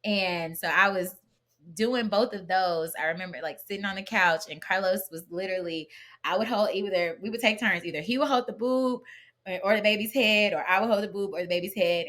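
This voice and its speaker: Bright-voiced chatty woman. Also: on the low side. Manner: chatty and animated, with many fillers and restarts. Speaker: podcast guest. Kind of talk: casual conversational storytelling.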